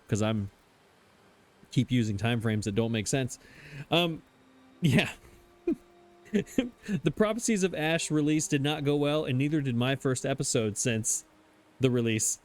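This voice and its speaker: A man giving casual, self-mocking commentary as he plays a game, chatting and laughing at himself as he goes. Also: medium pitch. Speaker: let's play host.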